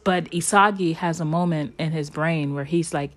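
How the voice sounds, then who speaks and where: A woman's voice: low-pitched, moderate pace. A woman hosting a podcast, recapping an anime episode in a rambling, chatty way with lots of fillers and some swearing. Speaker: podcast host.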